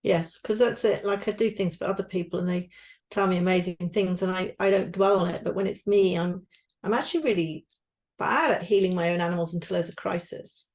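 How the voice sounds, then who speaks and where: A woman's voice: lowish voice, fairly quick, darkish tone, low-quality recording. Candid woman venting her worries. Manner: candid, self-searching, swearing, trailing off. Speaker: podcast co-host, guesthouse owner. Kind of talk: candid casual chat.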